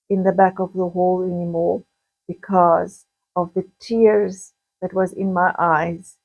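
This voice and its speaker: Slow, halting woman. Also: medium pitch, a little mellow, breathy edge, low-quality recording. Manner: slow, halting, with frequent restarts and pauses. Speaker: vlogger recounting childhood memories. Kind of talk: personal storytelling monologue.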